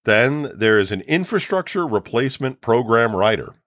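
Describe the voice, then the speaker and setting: A man's voice: mid-range voice, sing-song, normal speed, fairly bright tone, no room sound. A man co-hosting a podcast, ranting in casual chat and swearing freely. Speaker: podcast co-host.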